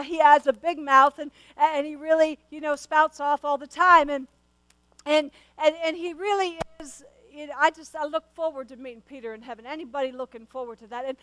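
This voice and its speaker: A woman's voice: high-pitched, no echo, low-quality recording. A woman preacher delivering a sermon, earnest and questioning, often stammering as she restarts her words.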